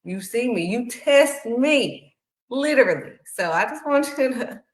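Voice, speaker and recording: A woman's voice: fairly high pitch, lively intonation, a little slow. A woman giving a casual faith talk, conversational and a bit preachy, calling the listener "honey.". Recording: echoey room.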